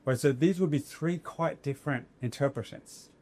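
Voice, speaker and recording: A man's voice: fairly high pitch, moderate pace, a little mellow. A man, an academic guest, explaining ideas in conversation, thoughtful and searching for words with frequent restarts.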